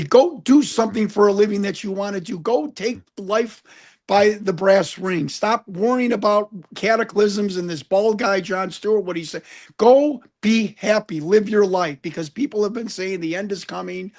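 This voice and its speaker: A man's voice: sits high, a little mellow. A man, a guest and UFO investigator, talking earnestly in an interview, often repeating words as he searches for the next thought. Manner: earnest, preachy, repeats words when stuck. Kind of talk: conversational interview.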